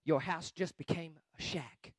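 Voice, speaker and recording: A man preaching a guest sermon with emphasis, swinging between shouting and quiet asides. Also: a little high, fairly even intonation, measured pace, husky, dry recording.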